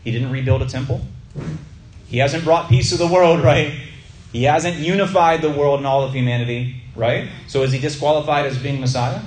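A man teaching to a small group in a sermon style, telling a personal story and slowing down to stress key words. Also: medium pitch, roomy sound, poor audio. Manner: conversational, stretches key words slowly for emphasis.

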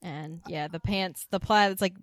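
A woman's voice: on the low side, normal speed, dry recording, studio quality. A woman co-hosting a podcast, casually retelling a TV episode and acting out the characters' lines as she goes. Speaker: podcast co-host. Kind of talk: casual chat recapping a TV episode.

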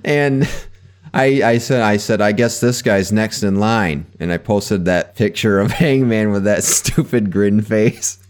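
A young man co-hosting a casual movie podcast, animated and quick to laugh, who often jumps in to interrupt. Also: on the low side, smooth, soft background music. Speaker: podcast co-host.

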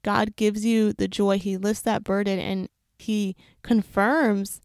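Earnest woman with a gravelly edge. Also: mid-range voice, level tone, a little mellow, dry recording, studio quality. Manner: earnest and reflective, with quick runs of words. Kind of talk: personal faith testimony, casual.

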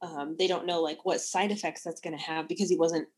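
A woman co-hosting a casual book-talk show, enthusiastic and quick to laugh as she gives her opinions. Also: lowish voice, fairly even intonation, a little mellow, breathy edge. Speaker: podcast co-host.

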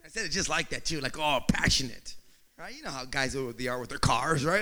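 Guy with a bright voice telling a funny story to a crowd, acting it all out, swings wildly up and down. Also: fairly high pitch, fast. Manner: animated, acts out scenes, rising to shouts. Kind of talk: humorous personal storytelling.

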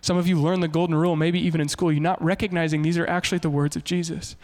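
A man in his thirties preaching a sermon as pastor, animated and mixing in humorous stories. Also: fairly high pitch, quick pace.

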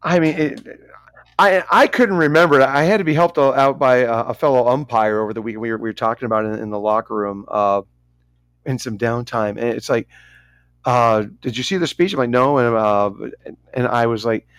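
A man's voice: medium pitch, normal speed, a bit bright, clean tone, dry recording. A man co-hosting a casual podcast chat, rambling, stumbling over names and making self-mocking asides. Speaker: podcast co-host.

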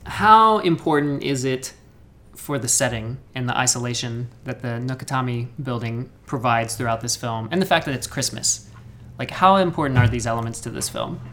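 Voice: mid-range voice, normal speed, fairly bright tone. A podcast host who keeps the casual movie chat going by asking discussion questions.

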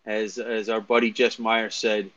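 A man's voice: lowish voice, flat delivery, a bit bright, no echo. Dry teasing male co-host, lo-fi. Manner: dry, teasing, halting restarts. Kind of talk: casual sports chat.

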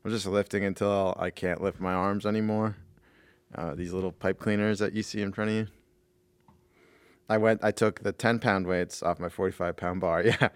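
A man co-hosting a podcast in casual chat, laughing often and breaking into loud impressions. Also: low-pitched, steady tone, moderate pace, clean tone, no room sound. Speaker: podcast co-host.

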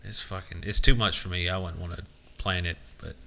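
A man's voice: low voice, fairly even intonation, a little fast, gravelly, pushed and bright, slight background noise. A young man co-hosting a casual podcast, joking crudely and swearing a lot. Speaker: podcast co-host. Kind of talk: casual chat.

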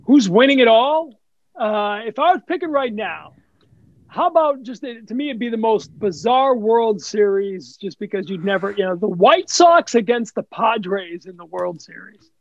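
A man being interviewed as a guest, telling anecdotes in a casual, animated way and acting out the dialogue he quotes. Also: sits high, moderate pace, no echo, dull audio. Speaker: guest, sports TV studio host. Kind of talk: casual podcast storytelling.

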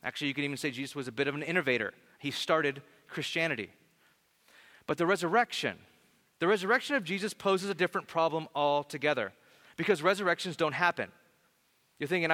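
A man preaching a sermon in a church, conversational and direct, slowing down on key lines for emphasis. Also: fairly high pitch, lively intonation, sharp tone. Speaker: pastor. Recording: reverberant church hall.

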